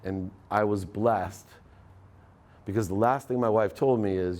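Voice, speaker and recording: A man's voice: on the low side, a little slow, darkish tone. Man telling a motivational story on stage. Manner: storytelling, acts out quoted dialogue. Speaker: motivational speaker. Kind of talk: live motivational talk to an audience.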